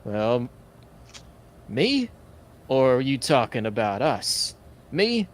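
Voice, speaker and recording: A man's voice: mid-range voice, expressive, takes it slowly. A man voicing a mocking male cyborg gang leader with a chainsaw hand, in a theatrical, taunting way. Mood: smug.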